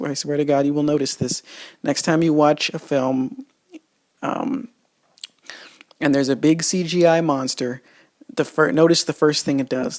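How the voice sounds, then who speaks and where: A man giving a casual, rambling spoken film review, full of restarts and fillers and exasperated asides. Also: a little high.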